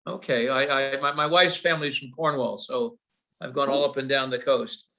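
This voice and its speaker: A man's voice: mid-range voice, steady tone, normal speed, bright, forceful tone. A man hosting an online open folk sing over a video call, making chatty announcements with fillers and singing a sea shanty in full voice.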